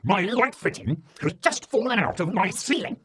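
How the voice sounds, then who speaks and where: A man's voice: high voice, animated, normal speed, very noisy, voice pushed up. A man voicing a grumpy older neighbour scolding a boy. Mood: indignant. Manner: scolding, indignant.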